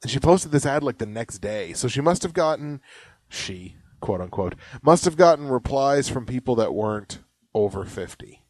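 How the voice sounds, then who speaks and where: Young dude cohosting a goofy podcast, bouncy voice, dry close sound. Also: male voice, mid-range voice, moderate pace, no room sound. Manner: joking, animated, reads ads aloud with mock yelling. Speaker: podcast co-host. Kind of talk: casual comedic chat.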